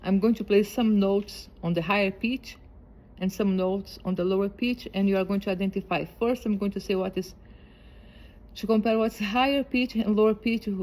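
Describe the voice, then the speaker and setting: A woman teaching a piano ear training lesson, speaking slowly and patiently and repeating each comparison of high and low notes. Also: steady tone. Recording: loud piano playing behind the voice.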